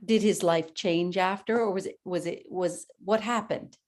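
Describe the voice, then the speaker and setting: A woman hosting an interview podcast, asking probing questions in a warm way. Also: lowish voice, normal speed. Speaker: podcast host.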